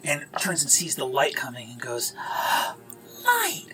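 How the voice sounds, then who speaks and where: A man's voice: medium pitch, moderate pace, soft background music, low-quality recording. A man running a tabletop game as game master, narrating playfully and acting out the creatures. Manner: animated, playful, acts out creatures.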